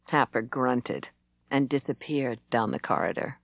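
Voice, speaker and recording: Woman reading a novel aloud, steady, low voice, super dry close mic. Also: moderate pace, dry recording. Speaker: audiobook narrator. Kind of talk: scripted narration.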